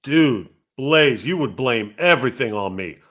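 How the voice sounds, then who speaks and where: A man's voice: medium pitch, lively intonation, a little slow, fairly bright tone. A man guesting on a casual podcast chat. He talks animatedly, swears and then apologizes for it.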